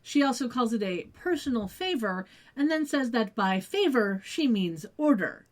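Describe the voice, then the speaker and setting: A woman co-hosting a podcast, retelling a TV episode in relaxed, agreeable casual chat. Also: on the high side, normal speed. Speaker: podcast co-host.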